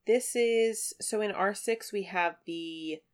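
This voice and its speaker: A woman's voice: medium pitch, slow pace. A woman co-hosting a casual podcast chat, talking in a loose, chatty way with many fillers, and sometimes reading passages aloud. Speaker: podcast co-host.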